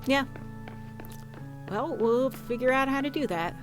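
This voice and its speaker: A woman's voice: high-pitched, expressive, unhurried, music in the background. A woman streamer giving casual gameplay commentary, chatting and reading game dialogue aloud.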